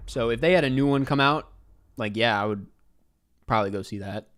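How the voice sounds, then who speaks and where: A man's voice: mid-range voice, a little fast, a bit bright. A young man streaming live, muttering, swearing at himself while he plays and answering chat offhand. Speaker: livestreamer. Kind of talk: live-stream game commentary.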